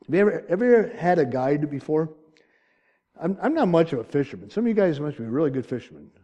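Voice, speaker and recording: A man preaching a sermon in an earnest way, pleading loudly at times and then dropping to a hushed, choked-up voice. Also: fairly high pitch, sing-song, quick pace, lo-fi sound. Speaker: pastor.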